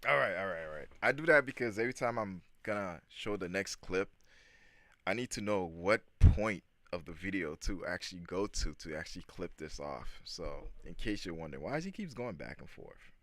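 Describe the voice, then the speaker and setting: A man with a very low, deep voice talks loosely over news clips, drifting between thoughts with plenty of "um"s and side remarks to his viewers. The sound is close and dry, with no room around it. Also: moderate pace, no room sound. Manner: rambling, loose, many "um" fillers; relaxed, talks straight to viewers. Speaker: channel host commenting on news clips. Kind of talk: casual news commentary vlog.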